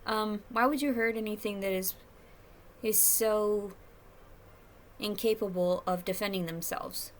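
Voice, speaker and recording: A woman's voice: mid-range voice, fairly even intonation, unhurried, pauses often, a little hiss or hum. A woman talking to camera at home in a rambling, profane, confessional monologue. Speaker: vlogger. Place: at home, indoors.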